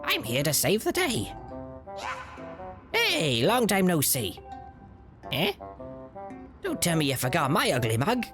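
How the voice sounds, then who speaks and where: A man's voice: fairly high pitch, huge pitch swings, slow pace, pauses often, pitched above the performer's own voice, exaggerated voice. A man doing a scrappy mole-like game treasure hunter, chummy and streetwise, bouncy swinging voice, music behind. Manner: chummy, streetwise, calls everyone pal. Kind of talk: reading game dialogue aloud on stream.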